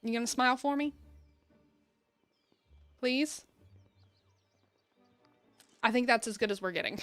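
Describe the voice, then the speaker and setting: A woman's voice: on the high side, a little slow, pauses often, fairly bright tone, faint music behind. A young woman hosting a casual gameplay video, playful and giggly, reading game dialogue aloud. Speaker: gaming video host.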